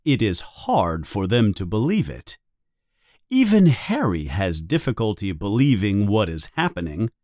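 Slow, lively-voiced man reading a story. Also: lowish voice, dry recording, studio quality. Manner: slow, even, clear read for learners. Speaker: narrator.

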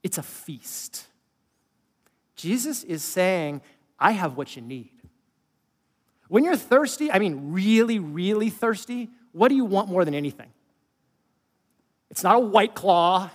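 A middle-aged male pastor preaching a conversational sermon, asking the audience questions and dropping into quiet asides. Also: high voice, long reverb tail.

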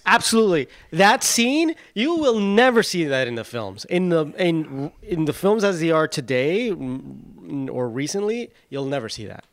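A man co-hosting a podcast in casual chat, hesitant and trailing off into quiet asides. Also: a little high, sing-song, moderate pace, few pauses, no echo. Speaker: podcast co-host.

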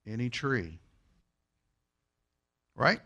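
Lively, bright-voiced preacher man. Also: medium pitch, extremely slow, husky. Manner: asks the congregation many rhetorical questions; acts out quoted voices for effect. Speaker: pastor. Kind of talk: sermon.

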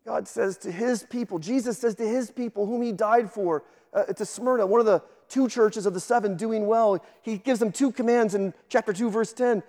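A man's voice: sits high, normal speed, few pauses, warm tone, big-room sound. A man, a guest pastor, preaching a sermon with emphatic delivery, often repeating words as he starts sentences.

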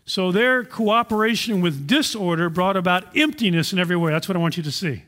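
A man's voice: sits high, brisk, fairly bright tone. A man preaching a sermon as a pastor, earnest and full of rhetorical questions.

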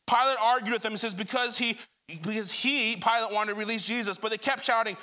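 A young man delivers a sermon in a high, bright voice. He talks straight to his listeners and acts out the scripture with lively energy. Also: fairly quick. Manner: animated, addresses congregation directly, retells scripture dramatically. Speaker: pastor.

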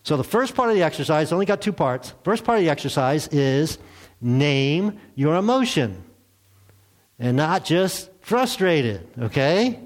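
A man's voice: fairly high pitch, very animated, a little slow. An older man preaching a sermon in a church, speaking to his congregation in a conversational, self-deprecating way. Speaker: pastor.

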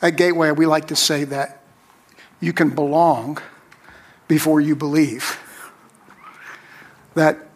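Slow, emphatic male pastor. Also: on the high side, fairly even intonation. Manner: slow, emphatic preaching with long pauses. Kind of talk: sermon.

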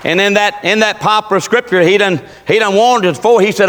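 A man preaching a sermon, telling folksy stories in plain dialect and rising to shouts. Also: sits high, a little fast, big-room sound.

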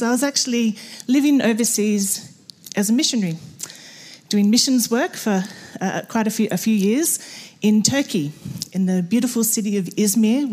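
A middle-aged Australian woman speaking in church, telling a story and acting out bits of dialogue, often with a laugh. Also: on the high side. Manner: animated, acts out dialogue with laughter. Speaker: missionary speaker.

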